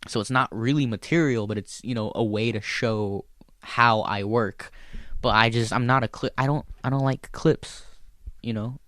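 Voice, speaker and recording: A male comedian tells a story in a loose, rambling style, swearing freely as he goes. His voice sits at an ordinary middle pitch. The sound is dry and close, with no room around it. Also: normal speed, dry recording. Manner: profane, rambling, animated storyteller. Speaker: stand-up comedian and show host. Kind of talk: casual storytelling chat.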